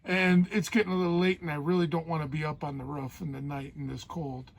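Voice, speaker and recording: A man's voice: a little high, flat delivery, fast talker, gravelly. A man filming his own home building project, talking casually, frustrated, swearing and mocking his own work. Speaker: DIY vlogger.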